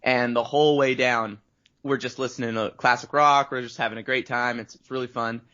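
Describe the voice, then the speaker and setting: A man from Canada tells rambling stories about his start as a voice actor, his voice sitting at an ordinary middle pitch. He slips into the voices of the people he quotes. The recording is dull and lo-fi. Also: steady tone, fairly quick, sharp tone. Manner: rambling storyteller, acts out quotes. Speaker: guest voice actor. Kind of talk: casual interview chat. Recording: dull lo-fi audio.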